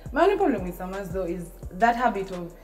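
Woman, podcast co-host, casual chat, playful teasing, mid-pitched voice. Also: big pitch swings, fast talker, darkish tone. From Uganda. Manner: teasing, playful, laughs often.

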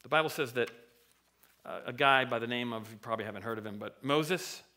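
A man's voice: medium pitch, brisk, pushed and bright. A man preaching a sermon in church, talking conversationally and acting out voices from the stories he tells. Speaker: pastor. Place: church sanctuary.

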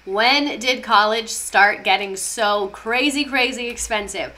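Brief: woman history vlogger, casual and passionate, irreverent, with a clear and bright voice. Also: on the high side, measured pace. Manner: irreverent, passionate, swears freely.

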